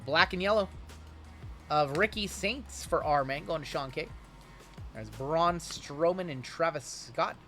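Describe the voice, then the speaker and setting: Chatty card break host, a bit high. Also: male voice, unhurried, sharp tone, faint music behind. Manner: chatty, answers viewer questions while opening packs. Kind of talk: casual livestream chat.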